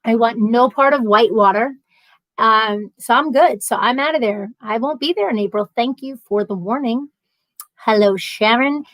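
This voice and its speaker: Speaking at a moderate pace in a voice on the high side, a woman hosts a casual live stream, recorded dry and rough. She reads comments from viewers aloud and responds, rambling chattily. Her storytelling is lively, with bursts of laughter throughout.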